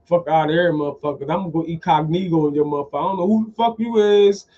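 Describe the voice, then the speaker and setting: Profane, animated man with a fairly high voice. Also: rapid-fire. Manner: profane, animated, repeats phrases. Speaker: podcast host. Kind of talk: casual storytelling monologue. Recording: dull lo-fi sound.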